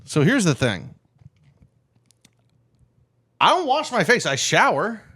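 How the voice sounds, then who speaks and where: Man, podcast co-host, rambling answers, swears, slightly high voice. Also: wildly swooping pitch, slow pace, sharp tone, breathy edge. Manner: rambling, offhand, profane. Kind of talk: casual podcast chat.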